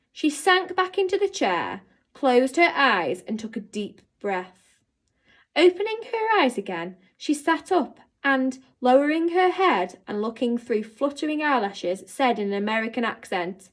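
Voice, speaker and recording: A woman teacher reading a children's novel aloud to her pupils in an expressive storytelling manner. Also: a little high, a little slow.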